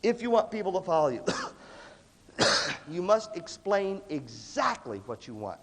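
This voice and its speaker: Male seminar speaker, a lively storyteller who acts out scenes, with a lot of pitch movement, recorded in a big echoing hall. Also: measured pace. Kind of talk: lively seminar talk to a live audience. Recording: long hall reverb.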